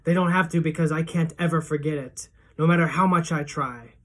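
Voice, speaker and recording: A woman's voice: deep voice, fairly quick. A woman voicing a desperate teenage boy who screams and pleads in a read-aloud storybook. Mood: quiet, insistent.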